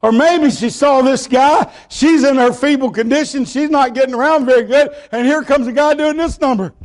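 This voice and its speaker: A man preaching a sermon, telling stories and rising to shouts. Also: very high voice, moderate pace. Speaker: pastor.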